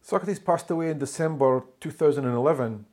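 A man's voice: a little high, fast talker, a little mellow. Rambling man telling a story. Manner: rambling, with many fillers and restarts. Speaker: author and journalist being interviewed. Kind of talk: conversational storytelling.

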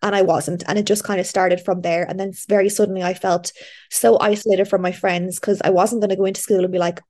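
With a warm, mid-range voice and fairly even intonation, this woman from Ireland talks quickly as a podcast host. She shares a personal story in casual interview chat, candid and chatty, often using fillers and starting over.

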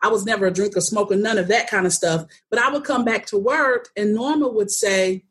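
A middle-aged woman shares her own story as a guest, speaking earnestly and straightforwardly in a soft, breathy voice. She talks plainly and laughs easily along the way. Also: mid-range voice, a little fast, few pauses. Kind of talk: personal storytelling in conversation.

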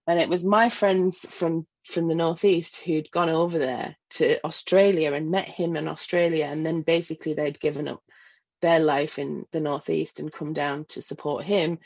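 A woman's voice: low-pitched, darkish tone, lo-fi sound. A middle-aged woman from England, reflecting on her past in a personal interview, with many fillers and small laughs. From Northeast England. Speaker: guest. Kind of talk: personal interview, recounting memories.

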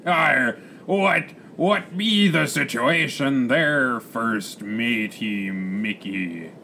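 A man's voice: mid-range voice, extremely slow, bright, forceful tone, a little hiss or hum, exaggerated voice. A man voicing a forgetful, blustering pirate captain in an improvised comic role-play, growling his lines. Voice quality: gravelly, growling "yarr".

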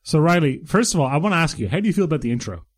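A man's voice: on the high side, sing-song, racing. A man co-hosting a podcast, chatty and enthusiastic as he recaps and teases his friend. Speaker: podcast co-host. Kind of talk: casual chat.

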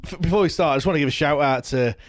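A man's voice: a little high, racing, dry recording, clean studio sound. A man, co-hosting a football podcast, chatty and full of tag questions like "to be fair". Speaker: podcast co-host. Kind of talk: casual football chat.

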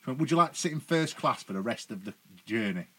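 A man telling sweary, animated anecdotes as a podcast guest. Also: medium pitch, fast, crowd noise. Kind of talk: casual storytelling.

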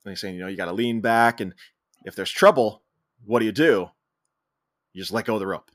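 A man co-hosting a podcast, recapping a comedy scene by scene and acting out characters' lines in quick put-on voices. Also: fairly low pitch, a bit bright, no echo, studio quality. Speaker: podcast co-host. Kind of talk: casual movie recap chat.

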